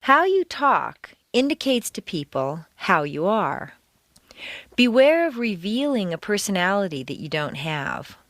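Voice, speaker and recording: Lively-voiced woman coaching pronunciation. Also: medium pitch, no echo, clean studio sound. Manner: clear, deliberate teaching delivery with exaggerated stress. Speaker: accent coach. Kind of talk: scripted audio lesson.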